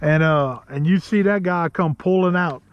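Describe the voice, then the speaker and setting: A man with a Louisiana accent hosting a casual outdoor vlog from a kayak in the marsh, chatty and quick to laugh. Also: fairly high pitch, smooth, muffled recording. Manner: chatty, laughs easily, rambling asides. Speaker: host.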